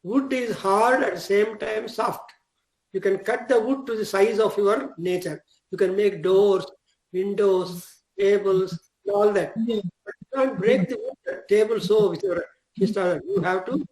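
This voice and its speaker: An older man giving a classroom lecture on Vedic verses, explaining in short, measured phrases and now and then chanting Sanskrit lines. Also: high voice, a little mellow. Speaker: Vedic teacher. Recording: echoey classroom recording.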